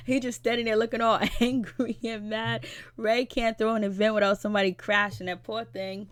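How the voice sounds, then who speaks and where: A woman's voice: fairly high pitch, flat delivery, moderate pace. A woman giving a casual, gossipy recap of a TV episode in a chatty retelling style. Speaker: TV recap vlogger.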